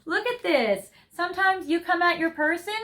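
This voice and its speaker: A woman's voice: very high voice, animated, normal speed, fairly bright tone. A young woman giving a tarot reading to viewers, gushing and effusive, laughing often as she talks through the cards. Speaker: tarot reader.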